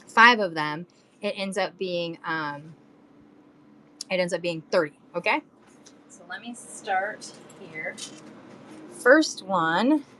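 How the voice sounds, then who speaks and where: A woman with a lowish, fairly bright voice chats casually while selling bead strands on a live stream. She counts beads aloud and hums to herself as she works, and the rough recording carries a little hiss or hum.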